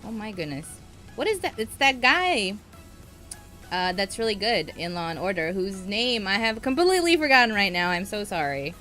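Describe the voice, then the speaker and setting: A woman's voice: mid-range voice, big pitch swings, normal speed, bright, forceful tone, faint music behind. A young woman co-hosting a podcast in casual chat, bubbly, laughing often and trailing off mid-sentence. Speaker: podcast co-host.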